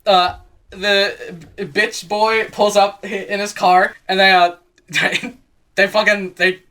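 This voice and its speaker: A man's voice: high voice, flat delivery, sharp tone. A man casually retelling a scary story as comedy, rambling and swearing, often laughing at his own jokes. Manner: rambling, swearing, quick voice changes for quoted characters.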